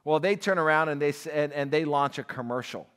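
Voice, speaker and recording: A man's voice: a little high, a little fast. A man telling his own story as a speaker at a church Bible class, acting out dialogue as he goes. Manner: animated storyteller, acts out dialogue, chuckles. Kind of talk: storytelling testimony talk. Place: church hall. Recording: long hall reverb.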